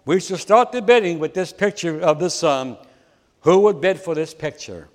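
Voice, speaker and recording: A man's voice: fairly high pitch, normal speed, lightly acted. A man voicing a firm, persistent male auctioneer who calls out bids insistently, heard with the long reverb of a large hall.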